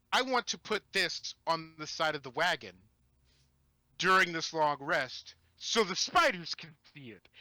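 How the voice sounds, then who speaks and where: A man with a bright, tense voice tells a tabletop game story as a podcast guest. He talks in an animated, rambling way, restarting his sentences. The sound is close and very dry. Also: a little high, no echo. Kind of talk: casual storytelling chat.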